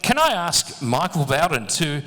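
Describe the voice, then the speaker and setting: On a handheld mic, a man with a voice on the high side emcees a live event, bantering with performers and the crowd. He speaks in a sing-song way at a measured pace, with background noise present. The big function hall adds long reverb and faint crowd sound.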